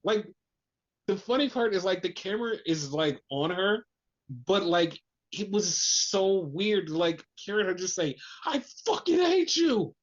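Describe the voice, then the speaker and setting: Man, high voice, excitable podcast co-host, swears, muffled lo-fi sound. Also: measured pace. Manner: animated, swearing, acts out quotes. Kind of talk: casual wrestling chat. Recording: dull lo-fi podcast audio.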